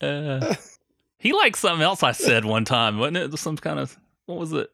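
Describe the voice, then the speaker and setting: A man's voice: on the high side, very animated, normal speed, creaky, bright, forceful tone, no room sound, studio quality. A young adult man co-hosting a podcast, telling stories in casual chat with lots of swearing and mocking quoted voices. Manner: profane storytelling, mocks others in quoted voices. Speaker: podcast co-host.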